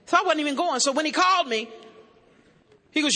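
A woman giving a humorous testimony to an audience as a recovery meeting speaker, animated and joking with bursts of shouting. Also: high voice, quick pace, pauses often, slight background noise. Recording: echoey hall.

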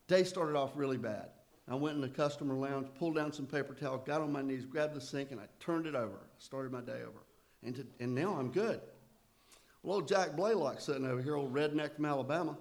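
A man of middle pitch speaks to a recovery meeting and tells his story in a loose, conversational way. He often turns to self-deprecating jokes. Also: a little fast, darkish tone.

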